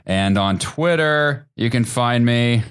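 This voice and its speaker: A man's voice: mid-range voice, expressive, takes it slowly, a bit bright, smooth. A man guest co-host on a movie podcast, talking casually and stumbling over his words. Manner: hesitant, stumbling restarts. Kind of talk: casual chat.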